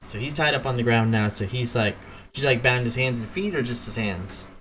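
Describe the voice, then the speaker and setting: A man running a tabletop game as game master, relaxed and halting, with plenty of fillers. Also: medium pitch, a little hiss or hum.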